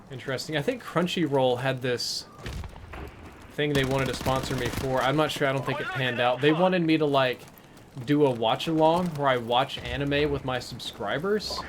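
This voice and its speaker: Male streamer, mid-pitched, casual chatty commentary, gunfire noise in the background. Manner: chatty, answers chat between plays. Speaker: live-stream gamer. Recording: game gunfire under the voice.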